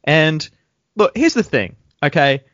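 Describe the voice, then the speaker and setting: A man's voice: on the high side, very animated, slow, fairly bright tone, no echo. A man co-hosting a podcast, recapping a show in casual chat with sarcastic, joking rants. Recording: dull lo-fi sound.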